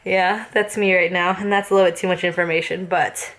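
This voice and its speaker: A young woman vlogging at home, talking in a rambling, chatty way and slipping into a high baby voice for her puppy. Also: fairly even intonation, a little fast, fairly bright tone, no room sound. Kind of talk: casual vlog chat.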